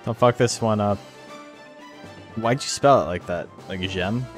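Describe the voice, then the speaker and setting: Faint music sits under a man's lowish voice as he talks at a measured pace. Commentating a tournament game on a live stream, he keeps it loose and jokey, rambling with heavy use of "like" and plenty of swearing.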